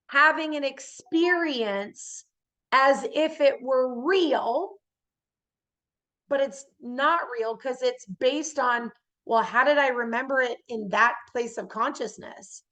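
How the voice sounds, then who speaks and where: A woman giving a motivational spiritual talk. She often checks in with her listeners by asking "yes?" and acts out everyday scenes in lively voices. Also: high-pitched. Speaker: spiritual speaker.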